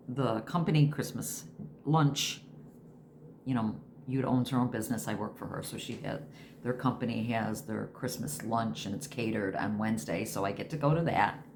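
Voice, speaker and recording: A woman's voice: a bass voice, darkish tone, a little hiss or hum. A woman in her sixties chatting casually to camera at home, rambling from one thing to the next. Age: 60s. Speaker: vlogger.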